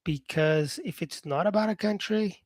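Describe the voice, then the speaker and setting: Chatting with live-stream viewers during an English lesson, this male teacher speaks in a high-pitched voice with an Australian-influenced accent, in a dry recording. He's relaxed and talkative, dropping plenty of "yeah" and "um" fillers and calling people "mate".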